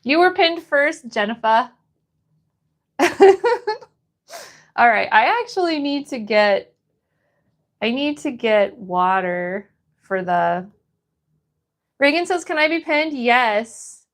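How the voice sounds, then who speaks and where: A woman from Florida with a high voice hosts a relaxed livestream. She reads viewer comments aloud in an unhurried way and chats back between painting steps. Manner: reads viewer messages aloud and answers them while painting. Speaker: livestream host. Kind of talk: casual livestream chat.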